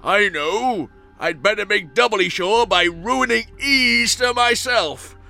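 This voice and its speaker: A man's voice: high-pitched, takes it slowly, vocal fry, sharp tone, faint music behind, heavily acted. A man voicing a mean, grumpy old male villain who hates everything, growling and snarling. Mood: gloating. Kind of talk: comic audio story acting.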